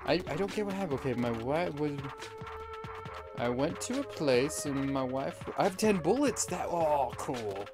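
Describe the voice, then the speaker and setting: A man giving let's play commentary, rambling with deadpan absurd jokes. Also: fairly high pitch, moderate pace, over music. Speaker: gamer.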